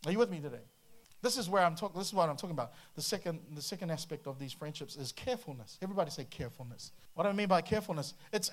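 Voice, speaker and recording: A man preaching a sermon to a congregation, humorous and animated, breaking into playful voices and sound effects. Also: a little high. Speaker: pastor.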